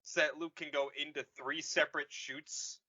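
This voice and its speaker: Profane rambling podcast host, man, bright voice, dull lo-fi recording. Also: fairly high pitch, little pitch movement, moderate pace. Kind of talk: casual movie recap.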